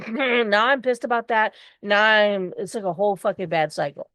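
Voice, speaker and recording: A woman's voice: medium pitch, moderate pace, a bit bright, dry recording. A woman co-hosting a podcast, talking candidly and expressively in casual chat, swearing freely. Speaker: podcast co-host.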